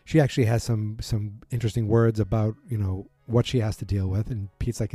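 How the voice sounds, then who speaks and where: A man in casual chat, rambling through a TV episode recap with many fillers and quick acted-out quotes. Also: fairly low pitch, fairly even intonation, dark tone, breathy edge, no room sound, soft background music. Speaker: podcast host recapping a TV drama.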